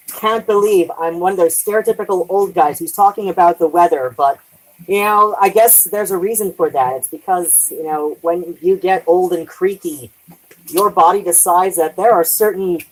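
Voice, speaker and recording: Low-voiced rambling woman streaming chores. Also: rough recording. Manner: rambling, trailing off, light swearing. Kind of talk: casual live-stream chat while washing dishes.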